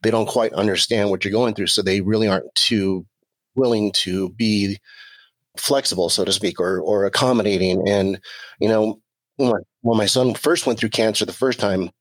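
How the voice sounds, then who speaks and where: Male podcast guest, lowish voice, candid, plainspoken, dry close sound. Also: dry recording. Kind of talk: casual podcast conversation.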